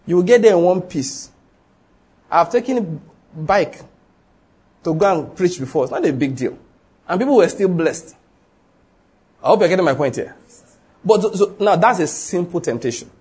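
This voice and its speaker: A man's voice: high-pitched, animated, normal speed, long pauses, darkish tone, husky. A man with a Nigerian accent preaching a sermon, emphatic and full of rhetorical questions, acting out the people in his story.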